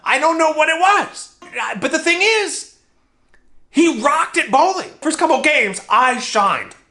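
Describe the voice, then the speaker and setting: Young guy telling a funny story, super expressive pitch, bright tone, keeps cracking up. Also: measured pace. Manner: animated, exaggerated, laughing at his own jokes. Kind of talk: comedic storytelling vlog.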